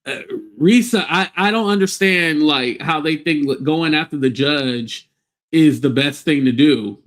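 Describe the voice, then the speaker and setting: A man's voice: fairly high pitch, a little slow, fairly bright tone. A man hosting a livestream, ranting bluntly and scornfully with plenty of profanity. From United States. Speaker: livestream host. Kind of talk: casual livestream rant.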